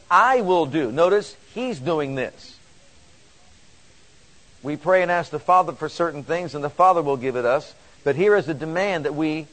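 A man preaching a sermon, reading scripture slowly and stressing key words in emphatic declarations. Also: fairly high pitch, low-quality recording.

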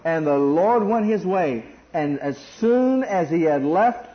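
A middle-aged man preaching a sermon, animated and acting out voices in a bargaining tone. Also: a little high, takes it slowly, hardly any pauses. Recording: dull lo-fi sound.

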